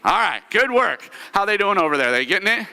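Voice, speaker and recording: A man's voice: high voice, big pitch swings, brisk, pushed and bright, clear, resonant tone. A man preaching a sermon as pastor, telling the story with humor and leading the congregation through a spoken recap. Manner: storytelling, leads congregation in call-and-response recaps. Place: church sanctuary. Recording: church hall reverb.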